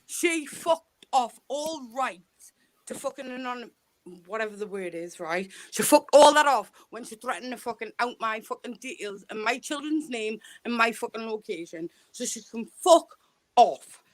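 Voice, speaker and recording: A woman's voice: a little high, lively intonation, moderate pace, no room sound. A woman on a live video call, ranting furiously with constant swearing and threats. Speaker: guest on a live chat stream. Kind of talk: heated live chat.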